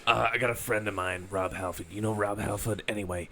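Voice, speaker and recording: A man doing a comedic impression of a deep-voiced gay older man who sounds like a husky smoker. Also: steady tone, a little fast, crowd noise, close to an everyday voice. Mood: name-dropping. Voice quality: deep, raspy. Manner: drawling, sassy, calls people honey.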